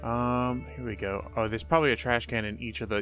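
A man's voice: medium pitch, steady tone, fairly quick, hardly any pauses, fairly bright tone, soft background music. A man commenting on a horror game as he plays, goofy, talking to himself and exclaiming often. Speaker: gamer. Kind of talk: let's play commentary.

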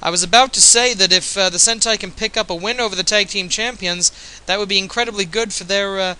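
A man's voice: high voice, fairly even intonation, quick pace, bright, forceful tone, smooth, poor audio. A man giving casual, jokey play-by-play commentary in an offhand, chatty way, a bit tipsy.

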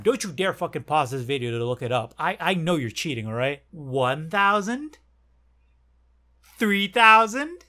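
A young Dutch woman with a medium-pitched, fairly bright voice and a Dutch accent narrates a sarcastic YouTube commentary video laced with profanity.

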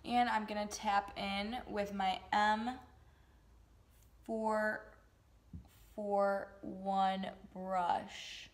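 A woman's voice: mid-range voice, little pitch movement, drawn-out words, long pauses. A young adult woman chatting casually through a makeup tutorial, with goofy joking asides. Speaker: beauty vlogger.

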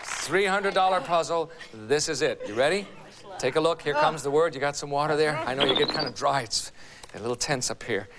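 A man hosting a 1980s television game show in a studio, upbeat and quick with a joke. His voice sits a little high, and a big studio audience and heavy broadcast hiss fill the background. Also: over a noisy crowd. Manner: upbeat, joking, keeps the game moving.

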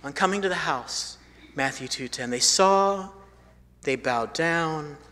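A man preaching a sermon as a pastor, telling a story and swinging from emphatic lines to hushed ones, with phrases repeated for emphasis. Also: a little high, lively intonation, slow pace. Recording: long hall reverb.

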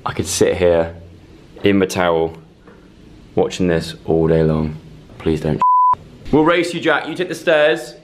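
A man's voice: deep voice, lively intonation, a little slow, long pauses, slight background noise. A young man in his twenties vlogging a hotel suite tour on a handheld camera, chatty and joking, talking to the fish. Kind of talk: casual excited vlog tour.

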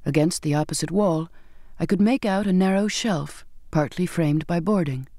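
A man narrating a novel in first person with a measured, expressive reading. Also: fairly high pitch, no room sound, studio quality. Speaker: audiobook narrator. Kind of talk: scripted narration.

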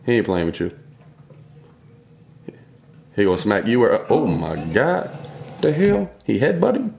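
A man's voice: fairly low pitch, huge pitch swings, unhurried, vocal fry, a little mellow, a little hiss or hum. A young man giving casual reaction commentary on funny clips, swearing and joking in heavy slang. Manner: profane, exclaiming, joking slang-heavy banter.

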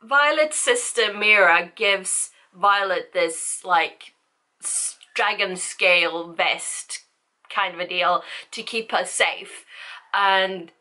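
A woman's voice: mid-range voice, takes it slowly, bright, forceful tone. A woman vlogging a casual book review, rambling and chatty with lots of fillers.

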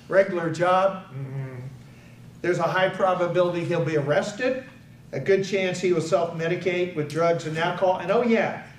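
An older American man with a high voice gives an earnest public speech, recounting a personal story and acting out the voices of the people in it. He's recorded from far off in an echoey hall, with faint ambience and a little hiss or hum.

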